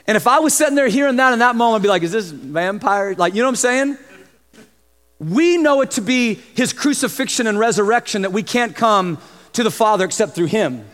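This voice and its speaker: A man preaching a sermon as pastor, lively, acting out the voices of the people he describes. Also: very high voice, brisk. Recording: long hall reverb.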